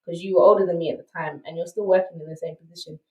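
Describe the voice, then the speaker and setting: Woman, South London accent, quick delivery, lowish voice, emphatic, candid storytelling. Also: steady tone, darkish tone, roomy sound, recorded from a distance, rough recording. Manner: emphatic, rhetorical asides like "right?". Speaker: podcast guest.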